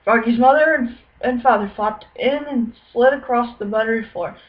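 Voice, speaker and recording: Young female student teacher, clear and teacherly; lo-fi classroom sound. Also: fairly high pitch, normal speed. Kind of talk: picture-book read-aloud and lesson.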